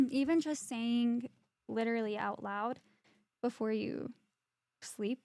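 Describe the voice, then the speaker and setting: A woman co-hosting a casual podcast chat, chatty and quick to laugh, reading viewer comments aloud. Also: fairly high pitch, a little mellow, no echo, clean studio sound. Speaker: podcast co-host.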